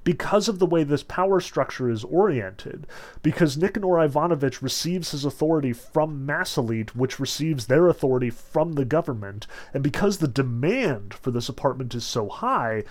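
With a higher voice, lively intonation and normal speed, a man gives an easygoing talk on literature. He's conversational, uses "like" and "notice" constantly, and reads passages from a novel aloud.

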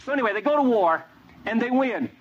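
Animated storytelling preacher, lo-fi. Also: male voice, very high voice, quick pace, husky. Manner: animated storyteller, quizzes audience. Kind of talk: sermon with audience questions. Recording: dull lo-fi with faint noise.

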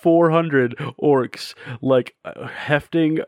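A man's voice: a little high, very slow, dry recording, clean studio sound. A man chatting casually on a podcast, riffing on absurd images and laughing. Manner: giggly, imaginative riffing. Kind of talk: casual chat.

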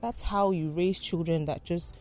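A woman's voice: on the low side, fairly even intonation, normal speed, a little mellow, soft background music. A woman guest in a radio studio, stating her views in an assertive, conversational way. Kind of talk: opinionated radio discussion.

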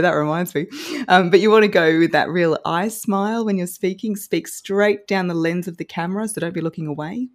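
Female guest, broadcast-trained and encouraging; pitched low. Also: fairly quick. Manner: polished newsreader-like delivery; upbeat, encouraging. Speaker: guest social media coach. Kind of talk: podcast advice conversation.

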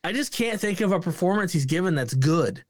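Co-hosting a casual movie review podcast, a man with a high voice talks fairly quickly, swearing freely and staying animated. He mimics lines in sudden bursts of put-on voices, captured in a dry, clean studio recording.

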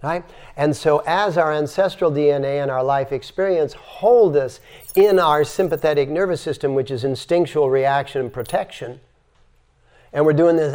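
Older man, yoga teacher, spiritual lecture, somewhat high voice, emphatic storytelling. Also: moderate pace, darkish tone. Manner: demonstrative, exhales sighing sounds to teach breathing.

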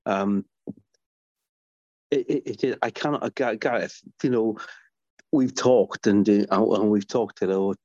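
A man's voice: on the low side, slow pace, long pauses, a little mellow, no echo, dull audio. A middle-aged man, a guest author in a podcast interview, telling stories eagerly with lots of restarts. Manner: enthusiastic, rambling storyteller with many restarts.

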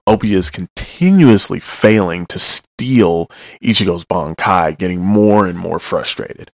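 A man's voice: low voice, animated, measured pace, no room sound, clean studio sound. A man giving a loose, joking recap of manga chapters, with casual asides and some swearing.

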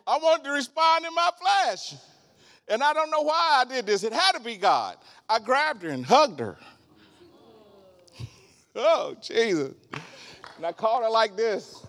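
A man in his sixties preaching a sermon as a guest, animated, breaking into laughter and shouts. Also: very high voice, measured pace, pauses often.

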